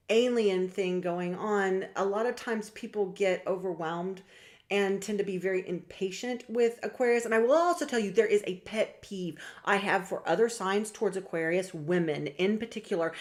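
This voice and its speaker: A young woman talking casually to her viewers about star signs, chatty and lively, often acting out what other people say. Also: medium pitch. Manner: chatty, animated, acts out quoted voices. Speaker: astrology vlogger and reader. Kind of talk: casual talk to camera.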